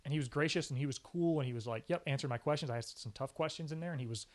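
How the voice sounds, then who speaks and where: A man, a sports anchor, telling career stories in a casual interview, energetic and emphatic, often acting out what people said. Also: fairly high pitch, racing. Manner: animated storyteller, often acts out quoted speech. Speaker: sports anchor and reporter, podcast guest.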